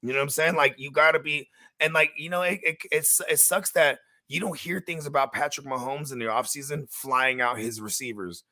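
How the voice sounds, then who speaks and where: A man co-hosting a late-night fantasy football chat, talking in a loose, profane, joking way with animated storytelling. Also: a little high, fairly quick, no echo, clean studio sound. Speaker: podcast co-host.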